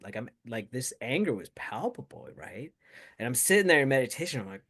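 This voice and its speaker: A man's voice: mid-range voice, animated, a little fast, fairly bright tone. A man talking in a casual, rambling way full of fillers, reflecting on his meditation practice as a show co-host. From United States. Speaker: co-host of a Buddhist talk show. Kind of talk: casual chat.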